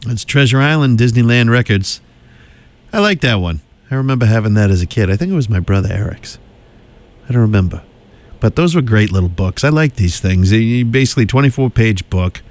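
A man with a fairly low voice hosts a casual show about old records. He rambles and circles back on himself, full of "you know" and "uh". The talk is relaxed and unscripted. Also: fairly quick. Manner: chatty, meandering, with many fillers. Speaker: host presenting old records.

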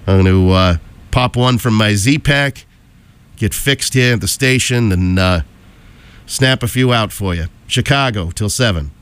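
Hoarse rambling radio DJ man. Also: on the low side, unhurried, a bit bright, no echo. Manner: rambling, chatty, jokey asides. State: hoarse from a cold. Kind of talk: casual on-air chat. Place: radio station studio.

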